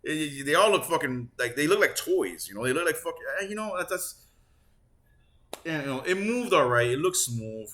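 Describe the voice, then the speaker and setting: A man's voice: fairly high pitch, normal speed. A man hosting a gaming channel, ranting casually and sarcastically with lots of swearing, a bit stuffed up. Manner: profane, animated, sarcastic. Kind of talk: casual on-camera rant.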